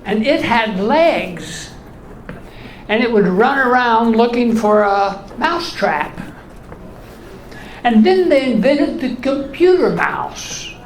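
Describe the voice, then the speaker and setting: A man in his eighties doing stand-up in a comedy club, telling deadpan one-liners in a voice left high by voice surgery. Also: slow pace. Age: 80s. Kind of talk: stand-up routine. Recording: echoey club with room noise.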